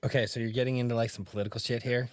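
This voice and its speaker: A man's voice: medium pitch, very fast, dry recording. A man hosting a podcast, chatting animatedly with a swearing habit and doing a dramatic book reading. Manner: animated, swears freely, jumps into put-on voices for quotes. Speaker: podcast host.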